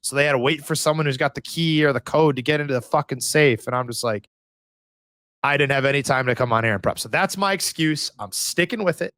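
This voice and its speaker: A man co-hosting a podcast, chatting casually and telling stories in an animated way, swearing freely. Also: medium pitch, brisk, dry recording, clean studio sound. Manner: profane, animated storytelling. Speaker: podcast co-host. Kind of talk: casual chat.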